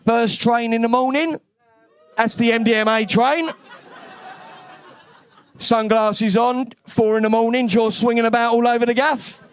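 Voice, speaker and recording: Brash high-voiced London comedian. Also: male voice, fairly even intonation, measured pace, long pauses, clear, resonant tone. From East London. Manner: brash, swearing, cheeky. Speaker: stand-up comedian. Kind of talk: stand-up comedy set. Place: comedy club stage.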